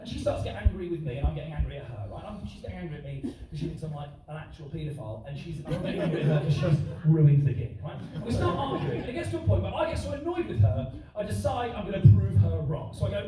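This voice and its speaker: A man doing live stand-up in a large theatre, teasing the audience with cheeky, rapid banter. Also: a little high, sing-song. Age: 20s. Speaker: stand-up comedian. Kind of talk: live stand-up set with crowd work. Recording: echoey theatre from far, crowd. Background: audience laughter.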